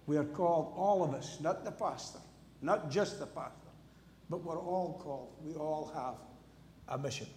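Preacher, slightly high voice. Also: male voice, normal speed, darkish tone, long reverb tail, a little hiss or hum. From Scotland. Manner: storytelling, homely asides. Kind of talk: sermon.

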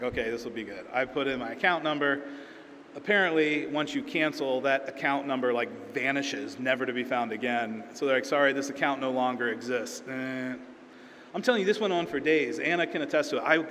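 A pastor preaching a sermon in a relaxed, storytelling way, acting out quoted lines in everyday speech. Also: male voice, mid-range voice, slight background noise. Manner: conversational storytelling with acted-out quotes. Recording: reverberant hall, faint ambience.

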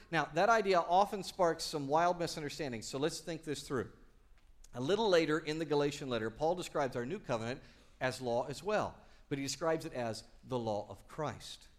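A man preaching a sermon in a lively, conversational way, calling on the congregation to answer. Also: on the high side. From Texas. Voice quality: animated, conversational preaching with call-and-response. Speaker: pastor.

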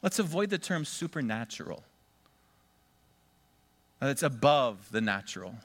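Male pastor, mid-pitched voice, sermon delivery, emphatic stresses, call-and-response with the congregation. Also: big pitch swings, unhurried. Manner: emphatic, swings between loud stresses and quiet asides.

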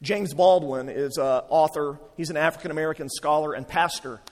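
A man preaching a sermon, swinging between loud emphatic lines and hushed, slow low passages. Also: long reverb tail. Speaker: pastor.

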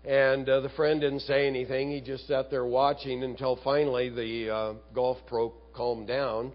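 A man's voice: medium pitch, flat delivery, normal speed, highs cut off. A man preaching an expository sermon, moving between Bible explanation and storytelling. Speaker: pastor.

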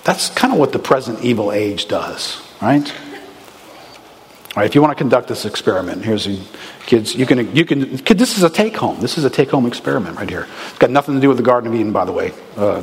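A man preaching a sermon in a lively, conversational way, with bursts of excitement. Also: medium pitch, a little fast, slight background noise. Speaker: pastor. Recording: reverberant hall with faint ambience.

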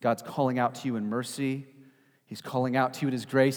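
A man's voice: mid-range voice, steady tone, quick pace. Emphatic preacher man with echoing hall. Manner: emphatic, rhetorical, tags questions with "right?". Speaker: pastor. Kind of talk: sermon. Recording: long hall reverb.

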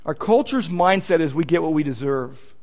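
Male pastor, high voice, earnest and emphatic, stressing key points in a sermon. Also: expressive, moderate pace, a little mellow.

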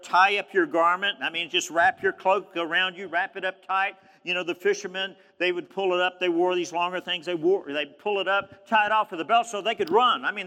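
A man's voice: high voice, pushed and bright, in a large hall. A man preaching a sermon, reading scripture and retelling it in a conversational, emphatic way. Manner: conversational, emphatic, acts out quoted speech.

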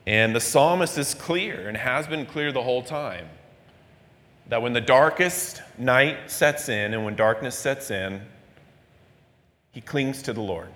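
A male pastor delivers a midweek sermon in an earnest, conversational way, sometimes lifting his voice to act out the people he quotes. His voice sits in a middle register. A long reverb trails behind his words, as in a large church. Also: fairly bright tone. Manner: earnest preaching, acting out quoted voices with rising pitch.

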